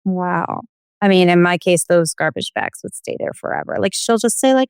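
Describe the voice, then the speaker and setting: A mother of four works through her questions in a halting way, restarting often as she searches for words. Her lowish voice is smooth and clear, and the recording is dry and close. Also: wildly swooping pitch, no echo. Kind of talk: conversational interview.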